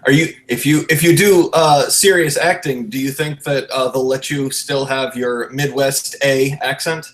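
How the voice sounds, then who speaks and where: A young man from the Baltimore area hosts a casual podcast chat. He talks loosely and laughs often. His restarts and swearing keep it easygoing, at an everyday mid-range pitch. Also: steady tone, measured pace, hardly any pauses. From Baltimore area, USA. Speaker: podcast host.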